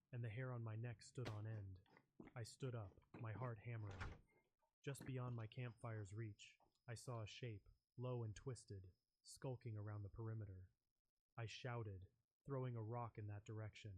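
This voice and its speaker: A man reading a scripted first-person horror story in a measured, ominous way. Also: medium pitch, mellow. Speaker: narrator. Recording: noisy background with clicks.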